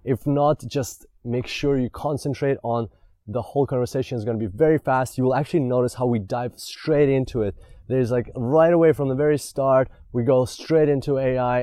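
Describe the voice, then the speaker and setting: This podcast host is a man whose medium-pitched, mellow voice moves at normal speed in a dry recording. He's a native Russian speaker introducing and conducting an interview with keen energy, leaning heavily on fillers, especially "like."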